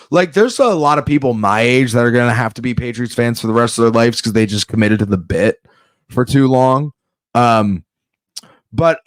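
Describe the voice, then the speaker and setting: A man with a medium-pitched voice rambles through a comedic monologue, frequently cutting himself off and starting sentences over. The sound is studio quality, with no room sound at all.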